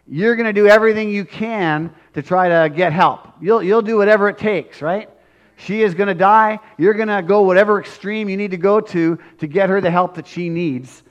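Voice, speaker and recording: A man preaching a sermon, earnest and conversational, who grows loud and slow when acting out pleas. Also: high-pitched, lo-fi sound. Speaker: pastor.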